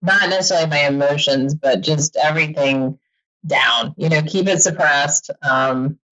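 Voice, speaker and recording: Animated woman on a lo-fi line. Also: sits low. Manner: animated, laughs often, quick quoted asides. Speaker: podcast guest and author. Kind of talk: casual interview chat.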